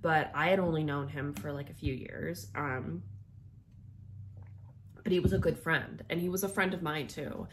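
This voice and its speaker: A woman's voice: deep voice, moderate pace, pauses often, noisy background. A young woman telling a personal story in a rambling, casual way, full of filler words. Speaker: vlogger.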